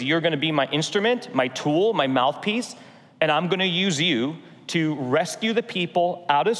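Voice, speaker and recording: A man preaching a sermon as pastor, in an earnest, conversational way with slow, emphatic repeats. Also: on the high side, big-room sound. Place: church sanctuary.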